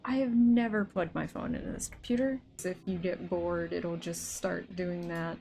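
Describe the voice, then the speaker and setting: A woman's voice: on the low side, steady tone, normal speed, vocal fry, hardly any pauses, dark tone, slight background noise. A young woman hosting a let's play from home at a desk mic, chatty and exasperated with her computer. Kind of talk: casual gameplay commentary. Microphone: desk microphone.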